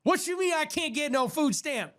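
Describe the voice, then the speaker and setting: A man's voice: very high voice, animated, normal speed, a bit bright, pitched above the performer's own voice. A man voicing an indignant woman arguing at a corner store counter, in a mocking, exaggerated way.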